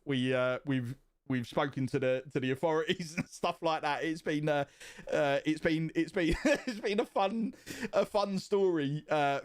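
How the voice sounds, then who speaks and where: A man casually telling a story on his stream, swearing often and getting more and more animated. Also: on the high side. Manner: profane and animated, rising excitement.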